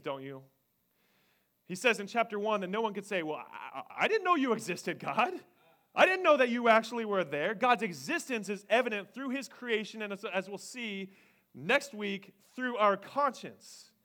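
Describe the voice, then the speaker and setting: A man preaching a sermon as pastor, animated, swinging between loud emphasis and hushed near-whispers. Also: on the high side. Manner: acts out voices of people he quotes, joking.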